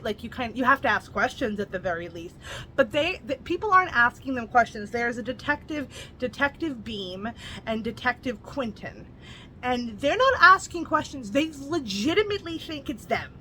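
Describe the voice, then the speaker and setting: Bright, chatty woman reviewing books. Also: fairly high pitch, a little hiss or hum, poor audio. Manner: chatty retelling with frequent "like" and blunt asides. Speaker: book reviewer. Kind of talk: casual book review recap.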